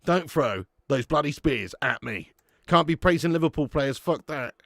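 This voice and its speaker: Young bloke, watch-along host; gravelly, bouncy pitch, swears, says "mate" a lot. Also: male voice, lively intonation, moderate pace, fairly bright tone, dry recording, clean studio sound. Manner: chatty and laughing, swears freely, calls viewers mate. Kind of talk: live casual chat reading viewer comments.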